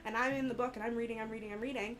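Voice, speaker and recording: A woman's voice: a little high, rapid-fire, a little hiss or hum. A woman in her thirties, a podcast guest chatting casually and retelling family stories with lots of laughter. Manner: laughing storyteller, animated retelling. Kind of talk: casual chat.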